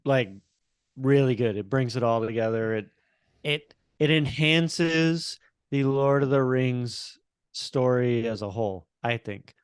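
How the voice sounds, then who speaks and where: A man co-hosting a casual podcast chat, reading listener questions in a deliberate, wry way. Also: mid-range voice, clear, resonant tone, no room sound, clean studio sound.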